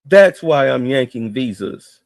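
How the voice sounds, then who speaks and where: Gravelly man ranting, profane and heated. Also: mid-range voice, expressive, measured pace, darkish tone, no echo, studio quality. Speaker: streamer. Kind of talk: ranting political commentary.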